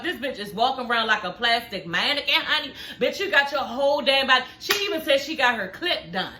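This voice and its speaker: A woman's voice: a little high, sharp tone, slight background noise. Sassy gossiping woman in echoey room. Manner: sassy, gossipy, swears freely, drawn-out emphasis. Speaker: reality TV recap vlogger. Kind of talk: casual spoken episode recap.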